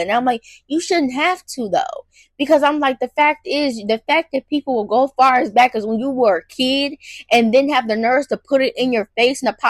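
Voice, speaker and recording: A woman's voice: fairly high pitch, no echo. A young woman hosting a casual commentary rant, talking emphatically in slangy, repetitive phrases. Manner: animated, emphatic, repeats herself, slangy. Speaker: commentary host.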